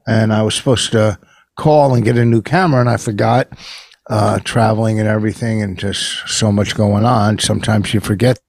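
A man's voice: lowish voice, steady tone, moderate pace, vocal fry, a little mellow, dry recording. A man co-hosting a podcast from home, bickering defensively with his wife in a casual argument. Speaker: podcast co-host. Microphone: computer camera.

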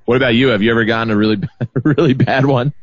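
Easygoing comedian host on a dry call. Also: male voice, medium pitch, fairly even intonation, no room sound, highs cut off. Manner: easygoing, laughs along, quick agreeing asides. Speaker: stand-up comedian, podcast host. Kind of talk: casual podcast chat over a video call. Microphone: video call.

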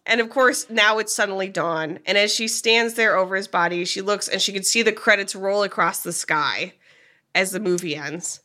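A woman podcast co-host casually recapping a movie's plot, telling it with animated energy and frequent fillers. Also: mid-range voice, normal speed. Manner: animated storyteller, frequent "like" and laughs.

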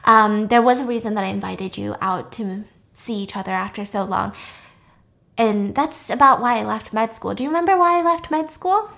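A woman's voice: on the high side, moderate pace, creaky, fairly bright tone. A woman voicing a bitter young woman who speaks sweetly but with pointed, cutting edges. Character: cool, bitter young woman bent on revenge.

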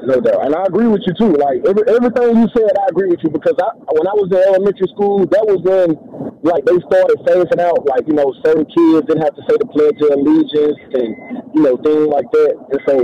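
A man's voice: fairly high pitch, fast, dull audio, slight background noise. A young man calling in to a radio show, friendly and talkative. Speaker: caller. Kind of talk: casual call-in chat.

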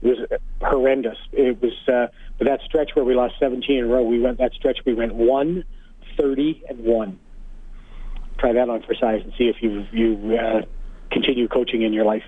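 A man's voice: medium pitch, normal speed, breathy edge, dry recording. Man telling stories over a tinny phone line. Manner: chatty, laughing anecdotes. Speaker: guest hockey analyst, former coach. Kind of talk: casual storytelling on sports radio. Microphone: phone call.

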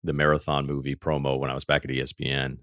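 Fast-talking low-voiced man host. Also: completely flat delivery, fairly bright tone, no room sound, clean studio sound. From Massachusetts. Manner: fast, chatty, jokey interjections. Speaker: podcast host. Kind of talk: casual interview chat.

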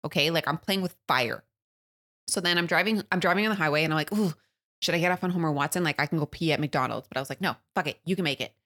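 A woman, co-hosting a podcast, telling a story in an animated way, laughing often and acting out loud quotes. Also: deep voice, rapid-fire. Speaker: podcast co-host. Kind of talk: casual storytelling chat.

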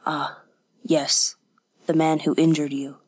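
A woman voicing a patient, kindly temple priest who speaks softly and calmly. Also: low voice, slow, slightly rough, exaggerated voice. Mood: gentle, concerned. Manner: calm, soft-spoken counsel. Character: gentle, patient older male temple priest.

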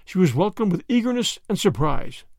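Lively, high-voiced male storyteller. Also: brisk, no echo, clean studio sound. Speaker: podcast narrator. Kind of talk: scripted story narration.

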